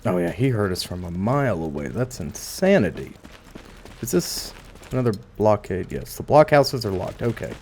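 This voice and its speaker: A man talks through a video game as he plays, musing aloud and tossing in dry asides. His pitch swings up and down a lot, and his voice sits in a middle register. A faint hiss runs under the recording. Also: big pitch swings, normal speed, a little mellow. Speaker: gameplay commentator. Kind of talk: casual let's play commentary.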